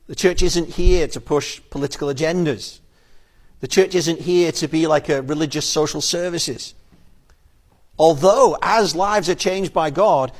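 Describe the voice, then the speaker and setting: A male pastor delivering a sermon from the pulpit. His voice sits a little above the usual male pitch. He speaks earnestly and often repeats a word as he begins a new phrase. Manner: earnest, repeats words when starting a phrase.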